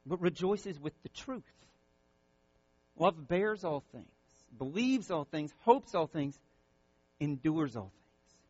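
Pastor, male, passionate sermon, bit high voice, dry muffled recording. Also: expressive, slow, pauses often, slightly rough, no echo. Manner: impassioned, repeats words, builds to loud peaks then drops soft.

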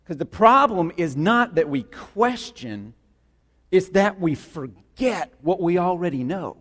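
A male pastor with a high-pitched voice, preaching in a passionate, conversational way. He hammers points home through emphatic repetition. His voice rings out with a long reverb, as in a church hall. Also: expressive, takes it slowly, a bit bright. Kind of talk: sermon.

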